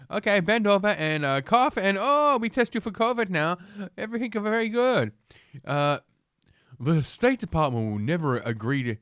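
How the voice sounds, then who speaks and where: A man's voice: mid-range voice, dry recording, clean studio sound. Crude rambling male podcast host. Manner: crude, rambling, many fillers. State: drinking while talking. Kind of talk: casual solo podcast talk.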